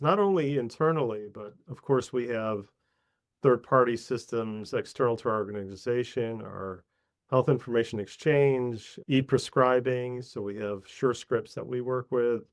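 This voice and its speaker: Earnest, matter-of-fact male guest. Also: medium pitch. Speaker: guest, hospital integration architect. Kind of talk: interview answers.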